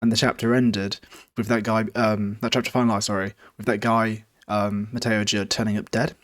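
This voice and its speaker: A man's voice: lowish voice, flat delivery, normal speed, fairly bright tone, no room sound, clean studio sound. A man hosting a podcast, recapping a book in a casual, rambling way with swearing, fillers and self-corrections. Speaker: podcast host.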